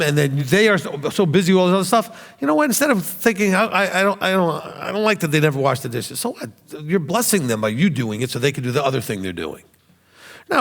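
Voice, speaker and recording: A man in his fifties giving a blunt, animated teaching, often mimicking the people he talks about. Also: fairly high pitch. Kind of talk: sermon-style teaching. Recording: long hall reverb.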